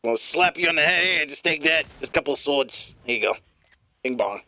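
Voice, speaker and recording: A male streamer giving live gameplay commentary in a put-on gruff newsman voice, profane and playful. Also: fairly high pitch, quick pace, bright, forceful tone, dry recording.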